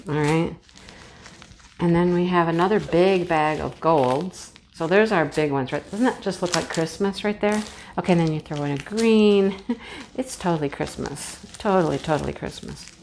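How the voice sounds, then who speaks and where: A woman's voice: lowish voice, slight background noise. A middle-aged woman vlogger chatting casually and gushing with giggles as she unboxes a craft kit.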